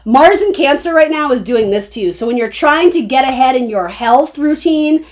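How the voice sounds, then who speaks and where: A fairly high-pitched young woman talks her way through a tarot reading for her viewers. Her delivery is loose and chatty, full of restarts and asides as she thinks aloud. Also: lively intonation, moderate pace. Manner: rambling, chatty, self-interrupting. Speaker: tarot reader. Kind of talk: casual spoken tarot reading.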